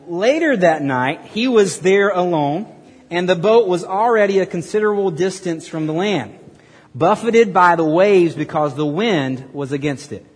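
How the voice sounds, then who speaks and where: Playful pastor in an echoey hall. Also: male voice, on the high side, sing-song, moderate pace, husky. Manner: playful, directs volunteers, bursts into loud dramatic reading. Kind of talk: sermon with acted-out scripture skit. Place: large hall with audience.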